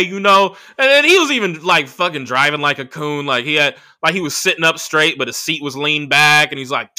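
A young man hosting a podcast, talking in a high, swooping, very bright voice. He tells a rambling dating story and curses freely. He acts out each person's lines in the story. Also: fairly quick, few pauses. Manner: profane, animated, acts out quoted voices. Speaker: podcast host. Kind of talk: casual storytelling monologue.

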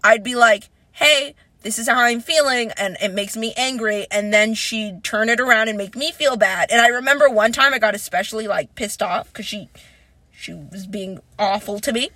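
A young woman chatting casually in a parked car, telling an animated story and acting out what her ex said. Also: a little high, moderate pace, no room sound. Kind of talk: casual chat.

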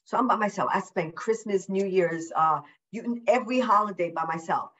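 A woman as a podcast guest, talking in an effusive, upbeat way, repeating words for emphasis and deliberately slowing her speech. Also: mid-range voice, fairly bright tone, dull audio. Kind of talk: casual interview chat. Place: at home.

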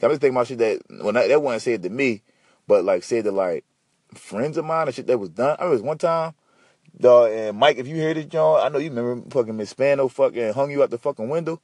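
A man hosting a podcast, ranting and telling stories in a slangy, profane, animated way. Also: mid-range voice, quick pace, dry recording. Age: adult. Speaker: podcast host. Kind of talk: casual solo podcast rant.

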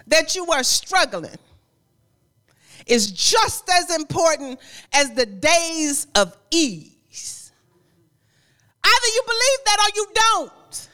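A woman's voice: very high-pitched, slow, pauses often. A woman preacher delivering a sermon in a conversational style, repeating phrases, laughing often and talking straight to the congregation. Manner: conversational, lively preaching with repetition and frequent laughter; addresses the congregation directly.

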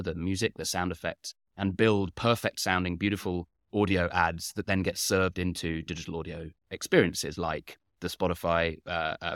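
Man, deep low voice, dry close sound, methodical explainer with fillers. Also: no room sound. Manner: methodical, lays points out in numbered order; frequent "uh" and "you know" fillers. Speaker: guest, company founder. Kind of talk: explanatory interview answers.

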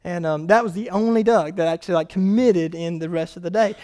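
A pastor preaching a sermon, telling stories with lively animation and building to loud, emphatic points. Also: male voice, high voice, brisk.

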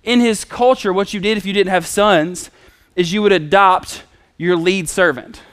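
Male preacher, relaxed conversational sermon, high clear voice. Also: normal speed, no room sound, clean studio sound. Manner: conversational storytelling with acted quotes.

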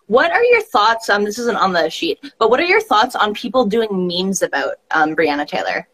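A woman's voice: mid-range voice, very animated, normal speed, a bit bright, breathy edge. A woman interviewing in a laid-back, casual way, giving short affirmations and asking questions with hesitant "um"s. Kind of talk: casual conversation.

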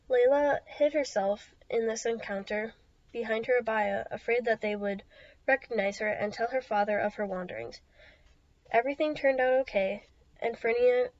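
A woman's voice: a little high, no echo, muffled recording. A woman hosting a book review podcast, reading passages aloud steadily and plainly, with small slips now and then.

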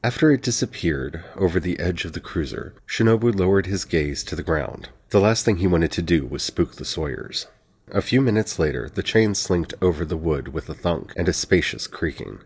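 A man narrates a fantasy novel as an audiobook. His voice sits low and sounds husky. He reads evenly and steadily. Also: animated, moderate pace, a little mellow.

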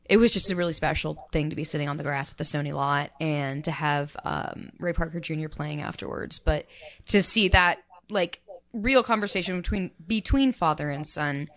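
A woman on a podcast reminiscing emotionally in casual chat, with many fillers and pauses. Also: deep voice. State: tearful.

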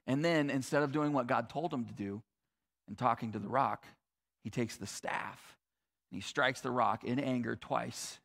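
A male pastor preaching a sermon in a conversational, animated way with casual asides. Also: mid-range voice, measured pace, vocal fry.

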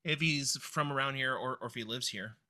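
A man's voice: medium pitch, brisk, pushed and bright. A man playing in a tabletop game, speaking hesitantly with many fillers. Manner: hesitant, full of ums. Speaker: player. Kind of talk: casual tabletop role-play.

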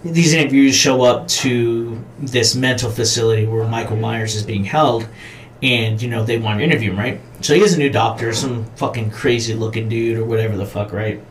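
A man co-hosting a podcast, talking casually about horror movies, swearing a lot and acting out scenes with sudden shouts. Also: medium pitch, moderate pace, a little hiss or hum. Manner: profane, animated storytelling with acted-out shouts. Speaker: podcast co-host.

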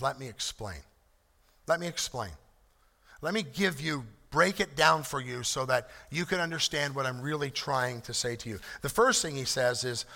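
A male pastor delivers an earnest sermon with a bright, forceful edge and a gravelly texture. He drives home his points through emphatic repetition. His voice carries the long reverb of a large hall. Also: on the high side.

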